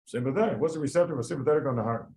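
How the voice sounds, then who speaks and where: A man teaching a live medical review class, quizzing students and talking through the reasoning in an animated way. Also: mid-range voice, low-quality recording. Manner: animated, quizzes students, quick asides with sudden quiet drops. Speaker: medical board review lecturer.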